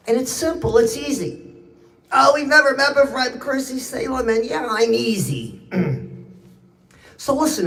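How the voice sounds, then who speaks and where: A woman's voice: a little high, darkish tone, roomy sound, rough recording. Brash teasing woman giving a pep talk. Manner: speaks straight to viewers, calls them out. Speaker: live-stream host. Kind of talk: motivational live-stream monologue.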